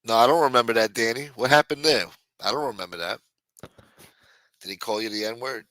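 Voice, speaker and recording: A man's voice: medium pitch, a little fast, sharp tone, no echo. A man hosting a casual live stream, rambling and swearing, reading chat aloud and acting out quotes in a raised voice.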